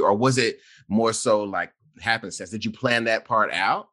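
A man's voice: lowish voice, moderate pace, few pauses, bright, forceful tone. A man hosting a casual interview, asking questions with frequent restarts. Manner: stumbling restarts, friendly questioning. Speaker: host.

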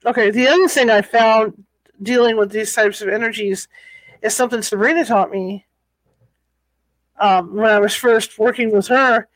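Guy with a high voice, soft-spoken co-host asking questions, dry close sound. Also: fairly even intonation, normal speed, pauses often, no echo, rough recording. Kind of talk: casual conversation.

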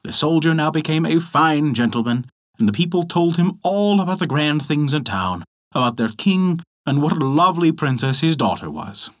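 A man narrating a folk tale as a storyteller, expressive and animated. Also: fairly high pitch, moderate pace.

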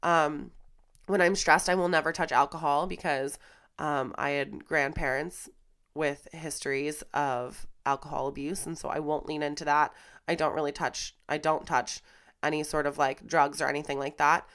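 Young woman podcast host, congested from flu and tears, candid and raw, swears freely, slightly low voice. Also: steady tone, moderate pace, a bit bright. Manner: raw, emotional, casual swearing. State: stuffy and congested from crying and flu. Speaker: podcast host and fitness instructor. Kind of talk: candid personal monologue. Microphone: studio microphone.

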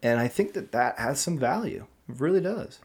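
A man's voice: medium pitch, normal speed, breathy edge. Emphatic man on a podcast. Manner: animated, emphatic, preacher-like rises and drops. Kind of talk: casual podcast conversation.

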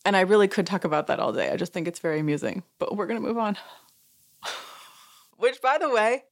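A woman's voice: mid-range voice, sing-song, fairly quick. A woman hosting a podcast, casually recapping a show as an amused, chatty storyteller who laughs and acts out what others said. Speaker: podcast host.

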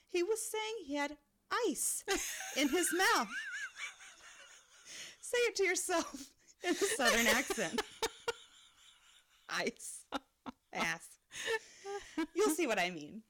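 A woman's voice: high-pitched, sing-song, measured pace, pauses often, pushed and bright. A woman co-hosting a podcast, reading listener stories aloud and laughing often as she reads. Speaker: podcast co-host.

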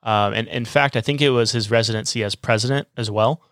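A man's voice: medium pitch, fairly quick, fairly bright tone, no room sound, studio quality. A man co-hosting a casual travel podcast, recommending places to listeners with enthusiasm. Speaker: podcast co-host.

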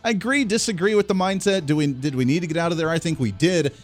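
A man's voice: a little high, fast talker. Emphatic man hosting political talk radio. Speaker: radio talk show host.

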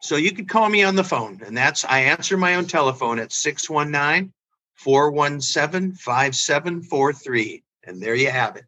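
A man's voice: fairly high pitch, animated, moderate pace, sharp tone, low-quality recording. An older man who is a psychologist and attorney, joking about himself in a casual podcast chat. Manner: self-deprecating joking.

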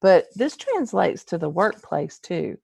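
A woman's voice: on the low side, big pitch swings, unhurried, creaky, a little mellow, slightly rough, no room sound. A woman interviewer asking a long, rambling question that searches for its wording.

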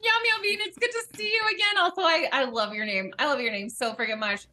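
A woman's voice: high voice, fast talker. A woman co-hosting a comedic podcast, reading fan fiction aloud in a playful, giggly way. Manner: giggly, playful, reads lines in a deadpan narrator tone.

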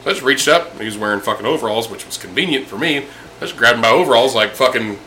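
A man with a bright, forceful voice spins a crude bar story for friends over drinks. His delivery is animated and full of swearing. A faint room hum sits behind him. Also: medium pitch, quick pace, poor audio. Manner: profane, animated storytelling with laughs. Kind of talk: casual chat over drinks. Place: indoors with friends.

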